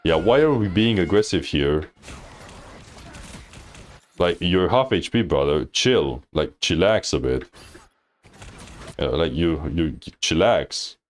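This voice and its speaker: A man's voice: deep voice, expressive, takes it slowly, pauses often, a little hiss or hum. A man coaching on a livestream, reviewing a player's match in a laid-back, slangy, teasing way and laughing often. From Thailand. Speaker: game coach reviewing gameplay. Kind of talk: casual livestream coaching commentary.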